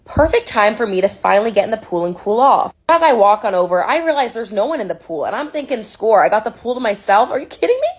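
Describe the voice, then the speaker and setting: A woman's voice: fairly high pitch, sing-song, fast talker, few pauses, slightly rough. A woman guest telling a funny story about herself in a breezy, self-mocking way. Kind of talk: storytelling on a podcast.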